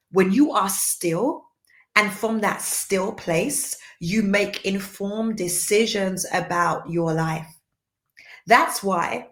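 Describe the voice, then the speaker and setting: A woman giving a livestream faith teaching, soft-spoken and earnest, repeating points for emphasis. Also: lowish voice. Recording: roomy echo.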